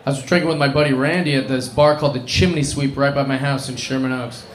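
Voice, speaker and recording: A man's voice: medium pitch, fairly even intonation, quick pace. A man telling a dive-bar story in casual chat, swearing and laughing at himself. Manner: swearing, self-mocking, laughing. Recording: roomy echo with crowd noise.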